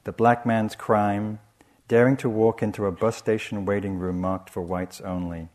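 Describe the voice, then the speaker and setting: Soft-spoken male meditation teacher. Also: on the low side, flat delivery. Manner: soft, measured and reflective, with frequent restarts. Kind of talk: dharma talk.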